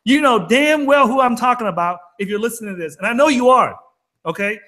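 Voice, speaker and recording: A man's voice: extremely high pitch, animated, fairly quick, sharp tone. A man co-hosting a trading talk show, talking in an emphatic, fired-up rant. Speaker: co-host of a crypto trading show. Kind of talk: casual chat.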